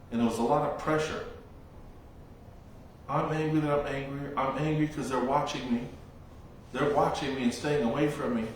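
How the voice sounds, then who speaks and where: A man giving a dharma talk as a Buddhist monk teacher, telling stories slowly and reflectively with long pauses. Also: medium pitch, a little hiss or hum. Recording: very echoey room, voice from far off.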